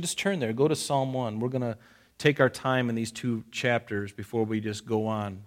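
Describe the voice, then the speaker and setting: A man preaching a conversational Bible-study sermon, folksy, repeating phrases for emphasis and telling listeners to underline verses. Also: mid-range voice. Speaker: pastor.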